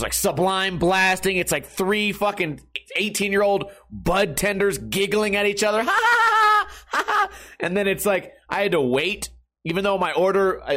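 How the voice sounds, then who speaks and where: A man's voice: sits high, fairly bright tone. A young man telling a rambling, profane story in a casual monologue, mocking himself and laughing often.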